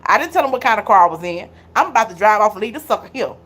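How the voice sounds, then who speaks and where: A middle-aged woman, hosting a live stream and telling her viewers stories in an animated, chatty way, laughing often. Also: mid-range voice, racing, slightly rough. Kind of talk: casual storytelling to viewers.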